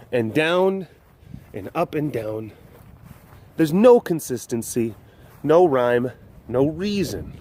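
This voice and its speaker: Man softly cooing to big cats. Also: mid-range voice, a little hiss or hum. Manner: soft baby talk to big cats. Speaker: animal keeper vlogger. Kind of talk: casual walking vlog. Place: outdoors at an animal compound. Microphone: camera mic with windscreen.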